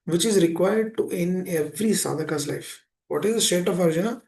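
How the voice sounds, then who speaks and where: A man preaches earnestly, with a gravelly, fry-tinged voice sitting a bit high for a man. He often repeats himself and poses rhetorical questions to his listeners. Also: a little fast, few pauses, a little mellow. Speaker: speaker giving a scripture class. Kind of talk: sermon.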